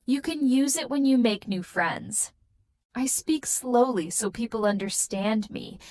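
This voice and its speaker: A young woman teaching a beginner English lesson with slow, clear and encouraging delivery. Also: fairly high pitch, dry recording.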